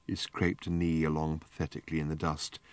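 Low voiced guy reading an audiobook, steady and dry, no room sound. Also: fairly quick, dry recording. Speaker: audiobook narrator. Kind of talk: scripted narration.

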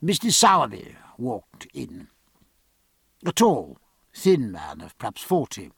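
A man narrating an audiobook in a measured, literary storytelling style. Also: mid-range voice, huge pitch swings, vocal fry, a bit bright, husky, dry recording, clean studio sound. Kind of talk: scripted narration.

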